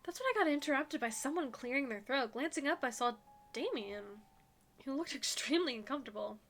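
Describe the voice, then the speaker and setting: A woman streamer reads a visual novel aloud, her voice bright and a little high as she narrates. She is animated and giggly, breaking off into chatty asides, and faint music hums behind her. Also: brisk.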